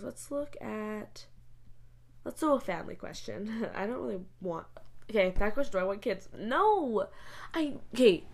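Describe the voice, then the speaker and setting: A young woman chatting casually in a vlog, rambling with many fillers and frequent giggles. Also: medium pitch. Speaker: vlogger. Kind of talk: casual chat. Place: bedroom.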